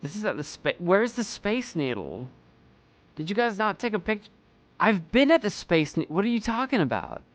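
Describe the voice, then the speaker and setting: A man streaming a game, chatting excitably and breaking into loud, incredulous exclamations. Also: high-pitched, normal speed. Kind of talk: let's play commentary.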